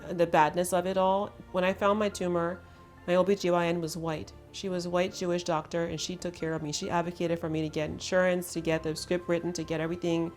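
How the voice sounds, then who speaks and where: A woman's voice: lowish voice, level tone, fast talker, faint music behind. A woman hosting an intimate conversation, telling her story in an earnest, emphatic way. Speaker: host.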